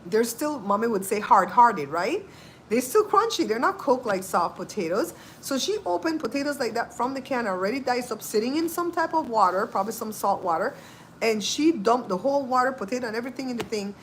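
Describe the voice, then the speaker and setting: A woman's voice: a little high, brisk, slight background noise, low-quality recording. A woman hosting a cooking channel, talking in a casual, sassy, chatty way. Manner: animated, chatty, sassy asides. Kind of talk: casual chat.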